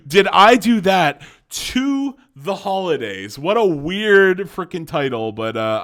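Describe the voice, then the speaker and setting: A man's voice: on the high side, fairly bright tone. A young man in casual reaction commentary, rambling, correcting himself and laughing often. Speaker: YouTube commentator.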